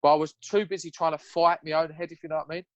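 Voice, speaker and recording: A man's voice: fairly high pitch, fairly even intonation, rapid-fire, dry recording, highs cut off. A young man telling his personal story as a podcast guest, raw and candid, swearing freely.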